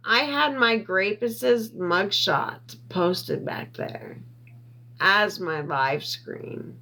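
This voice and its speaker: A woman talks slowly into her phone on a livestream and answers viewer comments as they come in. She sits at a middle pitch, and her voice climbs and gets loud when she gets worked up. She defends herself and repeats her points over and over. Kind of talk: emotional livestream chat.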